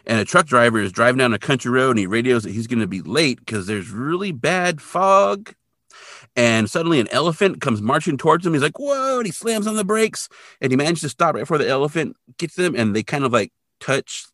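A man co-hosting a podcast, casually retelling an episode with lively sound effects. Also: mid-range voice, no room sound, clean studio sound. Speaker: podcast co-host.

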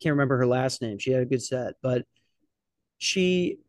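A man's voice: mid-range voice, moderate pace, darkish tone, dry recording, studio quality. A man hosting a podcast, telling a rambling story about open mic comedy in a casual, profane way with lots of restarts. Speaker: podcast host and novice stand-up comic.

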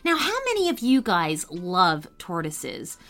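Woman host, kids' storybook narration; bright, slow, sing-song delivery. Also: fairly low pitch, soft background music. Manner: warm, expressive reading aloud to kids.

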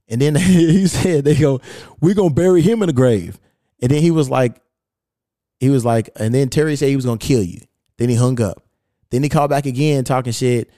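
A man's voice: mid-range voice, dark tone, no room sound, studio quality. A man hosting a podcast, telling a story in casual chat, cursing freely and quoting messages aloud with amusement. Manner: profane, amused, quotes texts aloud. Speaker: podcast host.

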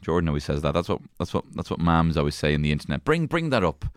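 A man's voice: very deep voice, level tone, rapid-fire, clear, resonant tone, no room sound, clean studio sound. A man co-hosting a podcast, bantering and swearing as he keeps score in a card game. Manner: swearing, joking, teasing. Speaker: podcast co-host. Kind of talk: casual banter.

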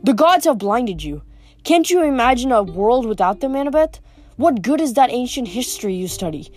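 A woman reading the part of a smooth, scheming teenage boy villain in an audiobook, with a mocking manner. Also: fairly high pitch, big pitch swings, normal speed, darkish tone, faint music behind. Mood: scornful.

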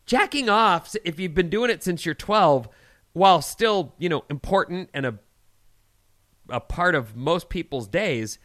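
A man's voice: on the high side, expressive, measured pace, fairly bright tone, no room sound, clean studio sound. A man co-hosting a crude comedy podcast, telling blunt, self-deprecating jokes. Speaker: podcast co-host. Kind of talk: casual crude comedic chat.

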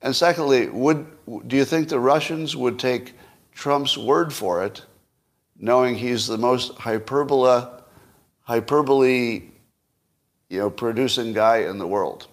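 A man's voice: mid-range voice, unhurried. A man talks alone on his own podcast, riffing on current affairs. He is wry and skeptical, lining up rhetorical questions and letting out dry little chuckles between points. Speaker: podcast host. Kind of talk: solo political commentary.

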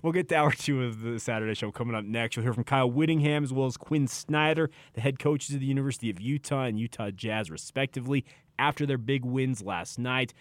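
A man hosting a sports radio show, emphatic and animated, who laughs easily. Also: medium pitch, fairly quick, no echo.

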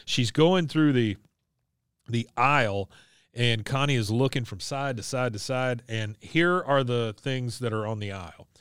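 A man with a smooth, clear voice recaps a cartoon episode for his co-host. His speech is easygoing and full of quoted lines and small laughs. The sound is dry and close to the mic. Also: medium pitch, a little slow, a bit bright, dry recording. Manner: laid-back storytelling, quoting characters, chuckling often. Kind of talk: casual chat.

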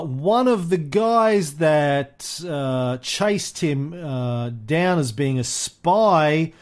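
A man's voice: on the high side, a little mellow. A man hosting a history podcast, telling the story in a chatty, casual way with frequent fillers and easy laughs. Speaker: podcast host.

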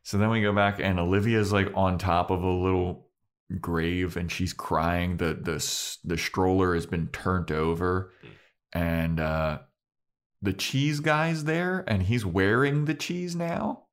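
A man co-hosting a relaxed podcast with a low-pitched voice. He retells scenes in a loose, rambling way, full of fillers and quick character voices. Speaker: podcast co-host. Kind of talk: casual TV episode recap chat.

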